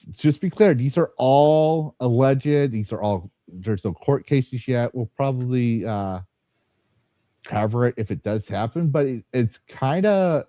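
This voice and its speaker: A podcast host, a man in loose casual chat, wanders off topic and breaks up his sentences as he jokes along. His voice sits at a middle pitch. The recording is a bit dull and lo-fi, with a dry sound and no room echo. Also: dark tone. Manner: rambling, jokey, stops and restarts often.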